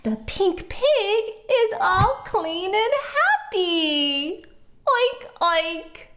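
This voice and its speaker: High, sing-song woman teaching toddlers. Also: sing-song, a bit bright, a little hiss or hum. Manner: slow, exaggerated, sing-song delivery for toddlers. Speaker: speech-language pathologist teaching toddlers. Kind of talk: children's educational video.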